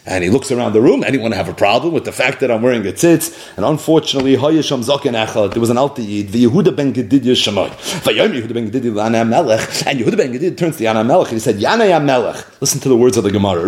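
A man teaching a Talmud class, explaining the text and retelling its story in an animated way. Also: mid-range voice, fast talker. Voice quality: animated, sometimes laughing as he explains.

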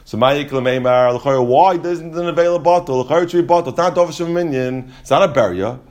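Fast-talking man teaching Talmud. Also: on the high side, a little mellow. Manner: rapid, explanatory, many restarts and "you know" asides. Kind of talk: casual Talmud class explanation.

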